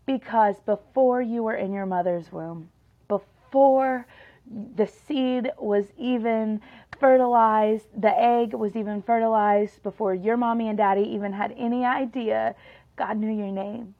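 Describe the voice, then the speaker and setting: A woman's voice: a little high, fairly even intonation, normal speed. A young adult woman hosting a devotional podcast, earnestly preaching and reading scripture. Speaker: podcast host. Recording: dull lo-fi sound.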